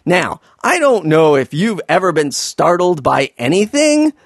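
A man's voice: sits high, sing-song, unhurried, creaky, no room sound, studio quality. A man doing a sarcastic, exasperated comedic recap of a film, swearing freely.

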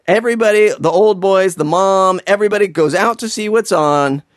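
A man's voice: sits high, a little fast, dry recording, clean studio sound. A man doing a sarcastic, exasperated comedic recap of a film, swearing freely.

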